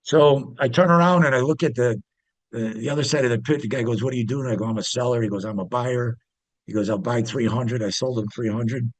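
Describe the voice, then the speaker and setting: A medium-pitched man talks fairly quickly in a dry recording, telling casual stories as an interview guest. Formerly a pit trader, he rambles with frequent fillers and restarts.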